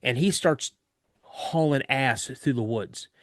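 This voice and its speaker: A man guest on a podcast, telling a story of an encounter in an animated way and acting out other people's voices. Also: mid-range voice, slow, no room sound, clean studio sound.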